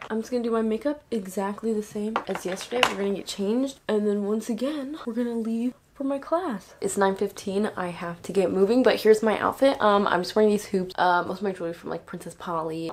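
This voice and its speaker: A woman's voice: medium pitch, slight background noise. A young woman in college talking casually to her phone camera, chatty and upbeat, with lots of filler words. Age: young adult. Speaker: college student vlogger. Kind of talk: casual vlog talk to camera.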